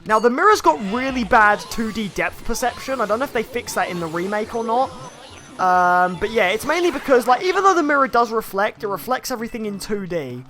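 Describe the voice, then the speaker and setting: Streamer, casual excitable game commentary, light music behind. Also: mid-range voice. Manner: chatty, excitable, rambling.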